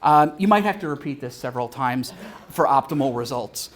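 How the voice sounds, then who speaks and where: A man lecturing to a live convention audience at a mid-range pitch. He talks haltingly, with many filler sounds and restarts, and slips in dry, joking asides. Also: expressive. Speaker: convention speaker.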